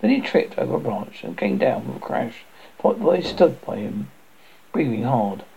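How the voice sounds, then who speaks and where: A man narrating a novel aloud with an animated delivery, with slips he corrects as he goes. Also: mid-range voice, moderate pace, gravelly, slightly rough. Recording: dull lo-fi recording.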